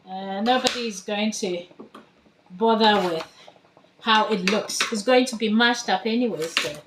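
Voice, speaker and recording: A woman's voice: on the high side, noisy background. A woman from Ghana giving a casual cooking demonstration in her home kitchen, chatting through each step as she works. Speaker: home cook.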